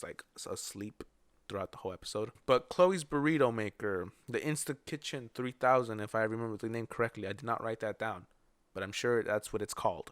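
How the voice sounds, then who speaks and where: Young guy rambling thru an episode recap, kinda low voice, music going underneath. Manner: chatty and rambling, heavy use of "you know" and "like"; drops to an aside whisper now and then. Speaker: recap host. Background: background music.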